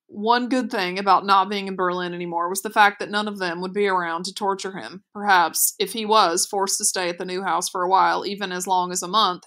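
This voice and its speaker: A woman teacher reading a children's novel aloud in a clear, steady, expressive way. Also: lowish voice. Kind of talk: audiobook read-aloud narration.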